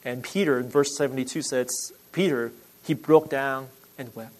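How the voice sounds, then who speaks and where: A male pastor preaching a sermon, explaining scripture conversationally with restarts, swelling into urgent emphasis and then dropping to quiet asides. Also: mid-range voice, moderate pace, poor audio.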